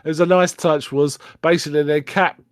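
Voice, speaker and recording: A man with a fairly high voice talks through a film's plot on a podcast, rambling and stopping to restart his sentences. The sound is dry and close, with no room echo. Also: steady tone, a little fast. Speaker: podcast co-host. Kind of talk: casual film discussion.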